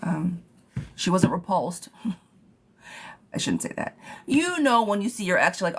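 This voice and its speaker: A woman's voice: on the low side, big pitch swings, unhurried, pauses often, breathy edge. Chatty woman giving live tarot readings. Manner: chatty, reads viewer questions aloud and thanks them warmly. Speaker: tarot reader.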